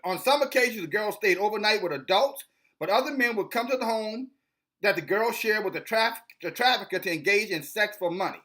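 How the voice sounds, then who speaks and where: A man with a high, bright, cutting voice delivers a passionate rant and reads a news article aloud. He confronts his listeners directly and lectures them. He trips and repeats words as he reads. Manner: confrontational, preachy, calls out his audience; stumbles and repeats words when reading aloud. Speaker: video commentator. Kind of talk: impassioned commentary and article reading.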